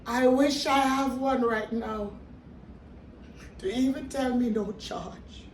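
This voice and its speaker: A woman's voice: on the high side, slow pace, a little hiss or hum. An older woman hosting a home cooking video, talking earnestly and directly to her viewers. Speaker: cooking vlogger. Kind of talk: casual home cooking talk. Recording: echoey room, voice a little distant from the mic.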